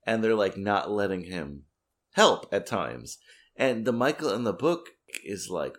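A man co-hosting a podcast, chatting casually in a measured, thoughtful way. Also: lowish voice, sing-song, a bit bright. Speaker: podcast co-host. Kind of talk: casual chat.

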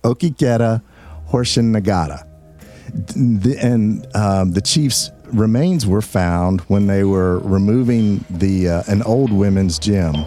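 Mellow-voiced man telling history casually. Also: lowish voice, slow pace, soft background music. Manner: chatty, explains history with jokes and asides. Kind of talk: casual storytelling chat.

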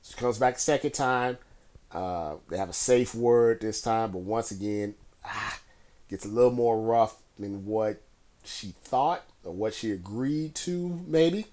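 A man's voice: fairly low pitch, a little slow, a little mellow. A man giving casual solo commentary, rambling and conversational with frequent fillers and restarts.

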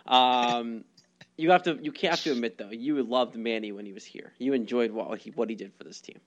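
A man's voice: mid-range voice, moderate pace, muffled recording. Rambling male sports podcast host. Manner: rambling, lots of ums and restarts. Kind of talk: casual sports chat.

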